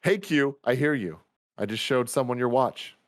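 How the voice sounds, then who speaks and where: A man's voice: medium pitch, moderate pace, no room sound, studio quality. An enthusiastic man hosting a casual film review podcast, reading listener reviews aloud with his co-hosts. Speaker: podcast host. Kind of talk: casual movie review chat.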